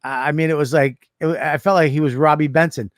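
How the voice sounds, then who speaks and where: Animated Boston man telling a story. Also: a little high, fast talker, a little hiss or hum. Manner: animated, laughs while telling stories. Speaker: podcast co-host. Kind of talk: casual storytelling chat.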